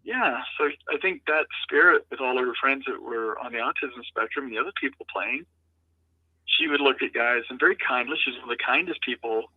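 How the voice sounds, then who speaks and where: Middle-aged man, guest founder, earnest and halting, tinny dry call-in line. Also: medium pitch, husky, dry recording. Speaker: guest, founder of an adaptive lacrosse program. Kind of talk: interview storytelling. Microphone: remote call-in.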